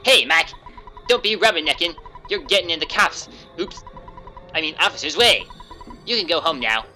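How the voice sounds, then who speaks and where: A man doing a loud bratty kid voice. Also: a little high, expressive, normal speed, soft background music, pitched above the performer's own voice. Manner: shouting, bossy. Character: bratty loud neighbor boy.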